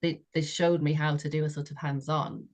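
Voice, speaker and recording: Woman in her 60s, low voice, chatty storytelling, lots of "you know"s and laughs. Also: little pitch movement, brisk, darkish tone. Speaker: podcast co-host. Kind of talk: casual personal storytelling.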